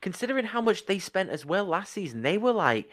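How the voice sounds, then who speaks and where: A man hosting a casual football podcast, chatty and excitable, rambling with restarts. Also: high voice, brisk, no echo. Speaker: podcast host.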